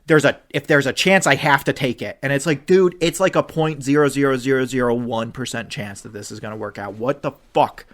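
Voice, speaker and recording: A young man hosting a casual podcast, ranting with animated outbursts, swearing, and swinging between loud shouts and low muttering. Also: a little fast, hardly any pauses. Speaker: podcast co-host.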